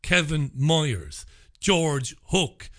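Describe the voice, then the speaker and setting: A man rants with indignation in an opinion monologue. His voice is forceful and bright, sitting a little high. The sound is dry and close. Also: sing-song, extremely slow, dry recording. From Ireland. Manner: indignant, ranting.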